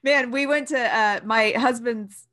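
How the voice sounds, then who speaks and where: Chatty woman co-host, slightly high, giggly and rambling. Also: a little slow, fairly bright tone. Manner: bubbly, laughs often, rambling storytelling. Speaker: podcast co-host. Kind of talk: casual chat.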